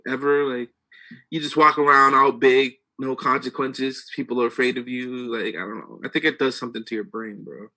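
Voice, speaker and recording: A man's voice: mid-range voice, fairly even intonation, brisk, sharp tone, rough recording. A young man co-hosting a casual podcast, laid-back and sarcastic, calling people bro. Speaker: podcast co-host.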